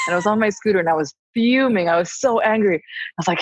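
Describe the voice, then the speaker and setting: A woman telling a candid personal story in conversation, animated and laughing often. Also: mid-range voice, fast, no room sound. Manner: animated, laughs often, acts out her own quoted lines. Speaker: podcast conversation partner. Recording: dull, dry lo-fi sound.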